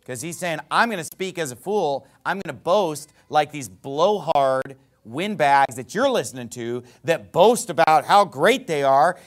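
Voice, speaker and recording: Animated high-voiced male preacher. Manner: animated, swings between loud emphasis and quiet asides; reads scripture aloud in a rising, emphatic cadence. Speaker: pastor. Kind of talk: verse-by-verse sermon.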